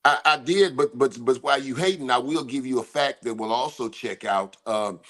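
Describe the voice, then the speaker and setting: An older man hosting a casual sports talk show, loud and joking, drawling his football banter. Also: mid-range voice, moderate pace. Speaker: host, former football coach.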